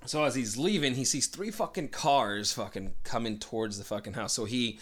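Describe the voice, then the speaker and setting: A man spinning a rambling tale in easy conversation, his voice sitting at an ordinary middle pitch. He swears freely and slips into the voices of the people in his story as he goes. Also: normal speed, a bit bright. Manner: profane, rambling, acts out quoted lines. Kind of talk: casual storytelling.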